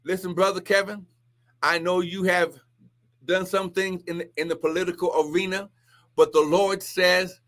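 A man preaching prophetically on a live stream, exclaiming often and swinging between shouts and hushed asides. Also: sits high, little pitch movement, moderate pace.

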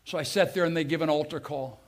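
High-voiced preacher swinging loud to hushed. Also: male voice, quick pace. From United States. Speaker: pastor. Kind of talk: sermon.

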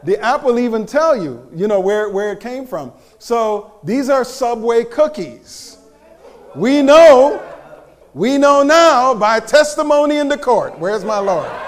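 A man giving a live talk to an audience, animated and joking, teasing the crowd as he goes. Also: high voice, unhurried. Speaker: speaker presenting to an audience.

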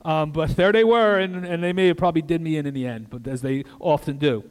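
An older man preaching an earnest sermon as a guest pastor in a church, with conversational asides and soft drops for emphasis. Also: a little high, brisk, clean tone. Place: church sanctuary. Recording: long reverb of a church hall.

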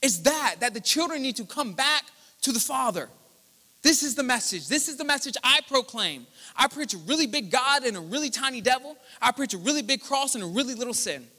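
A pastor preaches live to his church, his voice unusually high and bright. He builds from conversational teaching to impassioned proclamations. The sound rings with the long reverb of the hall. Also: animated, a little fast. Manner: impassioned preaching that rises to loud declarations. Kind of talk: sermon.

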